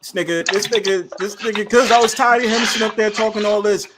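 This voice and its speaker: A man talking as a guest on a casual livestream panel, boastful and profane, laughing and often trailing off quietly. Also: sits high, fairly even intonation, fast, heavy background noise.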